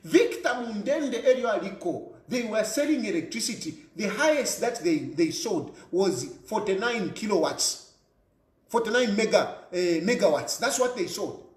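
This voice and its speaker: A fiery Zambian political commentator delivers an impassioned rant in a high, swooping voice that leaps up and down in pitch. Expressive and moderately paced, he hammers his points with repeated rhetorical questions and mixes local language into his English. The room sounds echoey.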